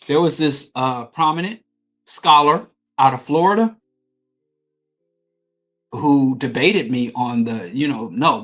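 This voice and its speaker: A man's voice: mid-range voice, a bit bright. A middle-aged man hosting a talk show, delivering an emphatic, profane political monologue. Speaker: podcast host.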